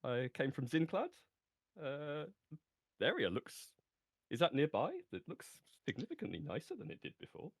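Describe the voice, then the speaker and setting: A man putting on a high, flowery elf bard. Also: moderate pace, vocal fry, breathy edge, no room sound, full character voice. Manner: theatrical, flowery and excitable. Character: vain flamboyant male elf bard.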